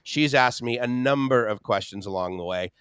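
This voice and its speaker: A man on a live stream, telling a personal story in an emphatic way. He stacks up phrase after phrase and list after list, at a middling pitch. His voice sounds close and dry, with no room around it. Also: moderate pace, a bit bright, smooth, no echo. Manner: emphatic, piles up repeated phrases and lists. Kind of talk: casual chat, personal storytelling.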